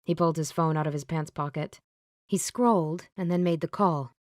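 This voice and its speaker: Dry, lowish female audiobook narrator. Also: normal speed, a little mellow, dry recording. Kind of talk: scripted narration.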